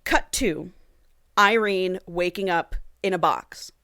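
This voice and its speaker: A woman's voice: fairly low pitch, slow, pushed and bright, no echo, clean studio sound. A woman hosting a podcast, casually and animatedly retelling a book's plot and swearing freely. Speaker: podcast host. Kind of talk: casual book recap.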